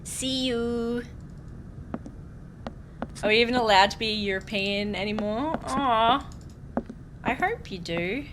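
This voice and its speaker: Young Aussie streamer, bubbly and giggly, slow relaxed chat, faint hum behind. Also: female voice, a little high. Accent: Australian. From Australia. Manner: bubbly, giggly, chatty with viewers. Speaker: game streamer. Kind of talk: casual let's-play chat.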